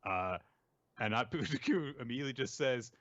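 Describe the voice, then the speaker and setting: A man casually recapping manga chapters on a podcast, joking and putting on high voices for the characters. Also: lively intonation, moderate pace, a bit bright, dull audio. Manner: jokey, puts on high voices for quoted characters.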